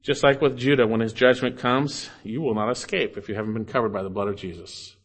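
A man preaching an expository sermon, reading scripture aloud and urging listeners earnestly, rising loud then dropping low. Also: steady tone, brisk, breathy edge. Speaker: pastor.

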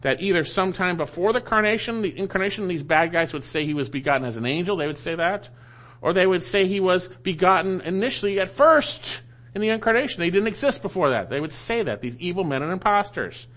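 A male preacher delivering a teaching sermon in a fairly high voice. His pitch swings widely as he leans on key phrases and repeats them for emphasis. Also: animated, fast talker, a bit bright. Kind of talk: sermon teaching through a Bible passage.

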